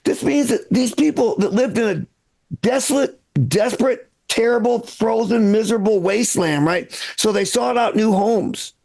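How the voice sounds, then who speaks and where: A male stand-up comedian from Michigan works the crowd in a loose, profane way. His voice sits high with a gravelly, creaky edge. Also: moderate pace, darkish tone. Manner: casual, profane, chatting with the crowd. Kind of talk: live stand-up set.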